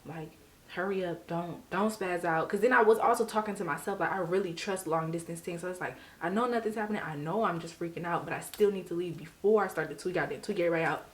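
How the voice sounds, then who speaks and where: A young woman from Detroit telling a story on her vlog in a casual, slangy, animated way, laughing as she goes. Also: on the low side, fast. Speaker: storyteller vlogger.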